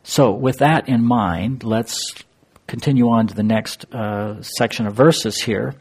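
A man teaching verse by verse through a Bible passage, thoughtful and halting, pausing with fillers and posing rhetorical questions to his listeners. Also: mid-range voice, husky.

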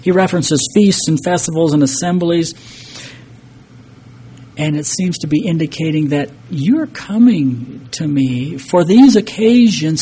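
A man's voice: on the high side, a little slow, warm tone, slight background noise. A man preaching a sermon, earnest and emphatic, reading scripture and explaining it to a congregation. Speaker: pastor.

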